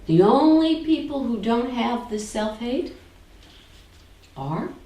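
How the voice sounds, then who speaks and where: A woman spiritual teacher giving a deliberate talk to a small group, often dropping to near-whispers. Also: fairly high pitch, big pitch swings, mellow. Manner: slow, deliberate, drops to near-whispers on key words. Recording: roomy, distant from the mic, faint background noise.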